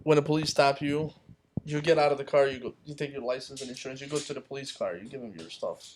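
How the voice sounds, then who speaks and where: A man's voice: mid-range voice, quick pace, crowd noise. A man, an English speaker from Palestine, telling a story casually as a guest and acting out the voices of people he quotes. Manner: animated, acts out quoted voices. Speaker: featured guest.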